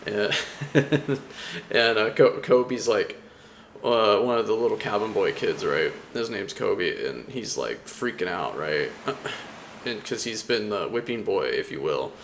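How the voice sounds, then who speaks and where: Gravelly, rambling young man chatting. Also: fairly low pitch, expressive, unhurried, a little hiss or hum. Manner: rambling, filler-heavy, laughs often. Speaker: anime vlogger. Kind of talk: casual chat.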